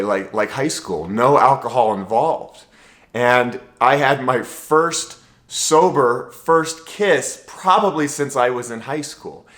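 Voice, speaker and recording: A man talks openly into a self-recorded camera, his tone earnest and heartfelt. His delivery is casual, loose and unscripted, with everyday fillers and restarts. His voice sits at an ordinary middle pitch. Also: fairly bright tone. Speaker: vlogger. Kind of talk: candid personal monologue to camera.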